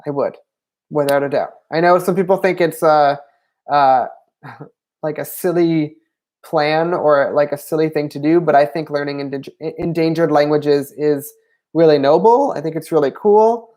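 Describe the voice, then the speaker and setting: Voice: mid-range voice, normal speed, a little mellow. A language channel host answering viewer questions on a livestream, hesitant and thinking aloud with frequent ums.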